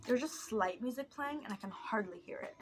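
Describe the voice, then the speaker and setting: Rambling young woman, slightly high voice. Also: lively intonation, a little fast, over loud music. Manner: rambling, self-mocking, drifting off topic. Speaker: vlogger. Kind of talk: casual chat while doing makeup.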